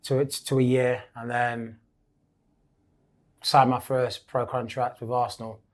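This podcast guest, a former footballer from England, talks slowly in a mid-range voice with a level tone. His casual chat wanders through long stories full of restarts.

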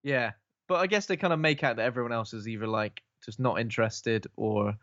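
A man from Bristol, co-hosting a podcast and recapping film scenes in casual chat with quick asides. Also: medium pitch, a bit bright, no room sound. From Bristol, England. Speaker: podcast co-host. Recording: slightly dull, dry lo-fi audio.

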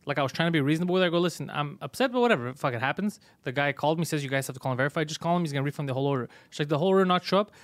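A man hosting a casual comedy podcast, telling a story in an animated way and swearing a lot. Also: a little high, racing, hardly any pauses, dry recording. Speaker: podcast host.

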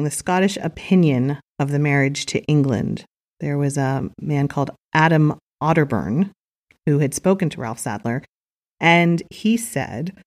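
A woman tells history in a relaxed, conversational way and drops in wry, chatty asides. Her voice sits low. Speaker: history narrator. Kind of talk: informal history narration.

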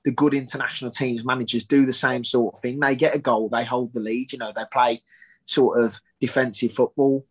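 A man with a husky voice at an ordinary middle pitch, chatting as a podcast guest. He talks thoughtfully and often trips over his first words before finding his point. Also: fairly even intonation, a little fast. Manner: thoughtful, repeats words as he starts. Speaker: guest, bare-knuckle fighter. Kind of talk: casual podcast chat.

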